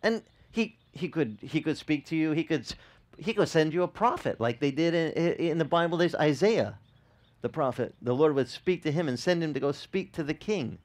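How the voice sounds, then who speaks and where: A man, a pastor, giving a conversational sermon, animated and quizzing the congregation, often repeating words as he restarts. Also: on the high side, moderate pace. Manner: animated, asks the congregation questions.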